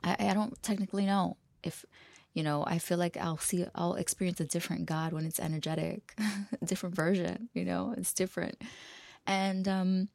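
A woman hosts her podcast in a loose, unscripted monologue, drifting between thoughts and slipping into soft whispers. Her voice sits low with a gravelly fry. The recording is dry and close, with no room sound. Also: steady tone, moderate pace, no echo. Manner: rambling, laughs often, drops to a hushed whisper at times. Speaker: podcast host. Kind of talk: casual freestyle monologue.

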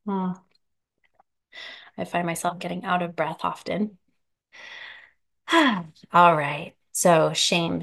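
Breathless woman with a gravelly low voice. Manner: soft, unhurried, searching for words with many restarts. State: a little out of breath. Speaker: podcast host. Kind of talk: reflective solo podcast talk.

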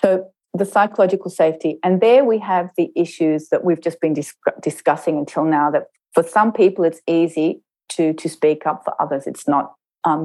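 A middle-aged woman, an intercultural trainer, telling a personal story in a reflective interview and slowing down to stress her points. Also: low-pitched, dark tone, low-quality recording. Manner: measured, slows down to stress points.

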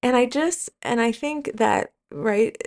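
A woman's voice: a little high, slow pace, darkish tone. A woman coach telling a personal story in a casual, reflective monologue, chatty and full of fillers and self-corrections, speaking earnestly to listeners. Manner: earnest, encouraging tone toward listeners. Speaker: life coach and podcast host.

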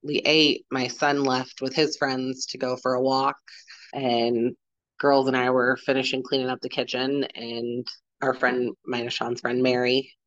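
A woman in her forties, a podcast guest, telling a personal story in a halting way, retelling what people said. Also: extremely low pitch, level tone, dry recording, dull audio. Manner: halting, retells dialogue with "I'm like".

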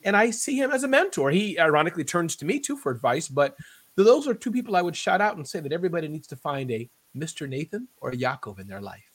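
A man in his fifties, appearing as a podcast guest in a casual interview, talks animatedly and often repeats words as he builds a point. His voice is on the high side, with big pitch swings and a quick pace.

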